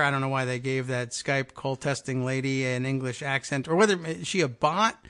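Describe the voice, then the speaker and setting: A man's voice: on the high side, a bit bright. Wry, meandering male radio talk host. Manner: meandering, wry, with frequent fillers and asides. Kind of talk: casual political talk radio monologue.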